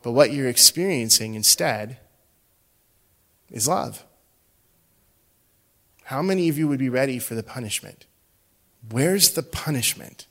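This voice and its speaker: Man, middle-aged, pastor, sermon, storytelling, hushed to loud swings, average pitch. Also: creaky.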